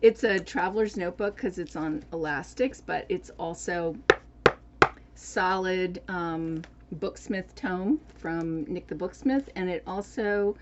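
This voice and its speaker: Woman vlogger, unhurried and rambling, slightly low voice, muffled lo-fi audio. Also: noisy background. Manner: chatty, rambling with many fillers and restarts. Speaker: book and journaling vlogger. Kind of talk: casual chat.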